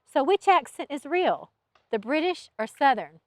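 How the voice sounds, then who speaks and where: A woman's voice: high-pitched, lively intonation, unhurried, a little mellow, no room sound, clean studio sound, voice pushed up. A woman doing Alex, a curt, suspicious innkeeper. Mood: accusing.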